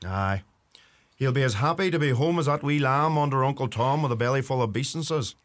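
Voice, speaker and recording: A man's voice: medium pitch, fairly quick, slight background noise, close to an everyday voice. A man acting out a cheeky young Irish farm lad who teases his old uncle. He speaks in an ordinary mid-range voice with an easy Irish accent. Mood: teasing. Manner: cheeky, teasing banter. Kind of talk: comedy sketch acting.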